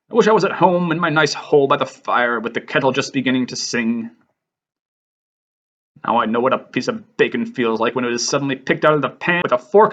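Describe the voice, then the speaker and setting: A man voicing a fussy, comfort-loving male hobbit gentleman in a flustered, polite way. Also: fairly high pitch, highs cut off, pitched above the performer's own voice.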